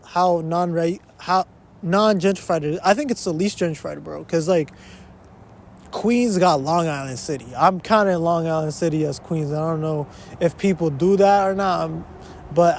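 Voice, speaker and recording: A young man hosting a podcast in casual solo chat. He rambles, cuts himself off, swears and slips between English and Spanish. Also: high-pitched. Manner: rambling, self-interrupting, sprinkles in curse words. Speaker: podcast host. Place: a spot in an uptown neighborhood of a big city.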